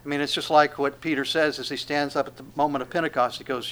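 A man preaching a sermon, swinging between loud proclamations and hushed asides and acting out the speech he quotes. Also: mid-range voice, little pitch movement, fast, few pauses.

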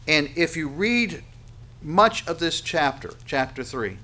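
A man preaching a sermon on scripture, earnest and emphatic, with dramatic pauses and little acted asides. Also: a little high, expressive, pushed and bright. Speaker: pastor.

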